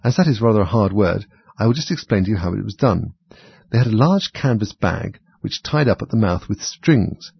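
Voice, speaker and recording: A man reads a children's story aloud in a steady, measured way. His voice is low and gravelly with a very husky rasp. The recording is dry and a little dull. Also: no room sound. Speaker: narrator. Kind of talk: storybook reading.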